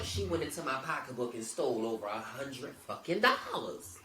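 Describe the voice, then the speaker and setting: A woman co-hosting a podcast, telling a story in a relaxed, casual way and acting out the people in it. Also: a bass voice, normal speed. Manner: animated, acts out quoted people. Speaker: podcast co-host. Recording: roomy, distant mic with faint noise.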